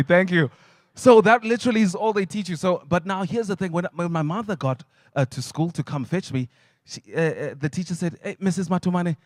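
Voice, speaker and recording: A man's voice: fairly high pitch, no room sound, studio quality. A South African man working as MC at a live event, chatty and jokey, telling stories and slipping into voices and ad reads. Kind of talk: live event hosting with humorous storytelling. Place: stage at a launch event.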